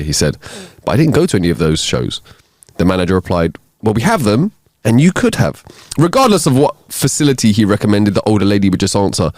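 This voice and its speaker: Man, podcast co-host, low voice, very animated, reads listener jokes, playful character voices, dry close sound. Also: no room sound. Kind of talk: casual comedy podcast, reading listener jokes aloud.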